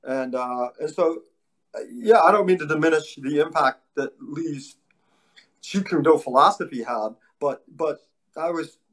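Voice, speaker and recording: A man being interviewed, a martial arts instructor telling stories in an animated way with a casual manner. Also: fairly high pitch, a little slow. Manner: animated storyteller, acts out voices in anecdotes.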